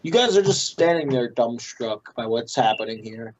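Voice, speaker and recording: A man narrating a tabletop game as game master, blunt and brisk, swearing casually. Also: mid-range voice, expressive, lo-fi sound, a little hiss or hum.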